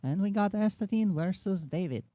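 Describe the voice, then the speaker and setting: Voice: mid-range voice, expressive, moderate pace, dark tone, dry recording, studio quality. Co-caster joking around, voice jumps all over, laid back. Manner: playful, joking asides. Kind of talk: casual commentary.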